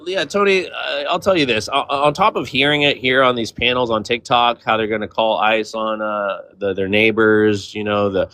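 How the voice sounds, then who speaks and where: Dude hosting an online panel, surfer accent, spanish first language, rambles with lots of ums. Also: male voice, lowish voice, steady tone, moderate pace, few pauses, bright, forceful tone, no echo. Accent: Californian surfer-style English. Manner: loose, talkative, full of fillers and restarts. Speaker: panel host. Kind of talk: casual live-stream panel debate.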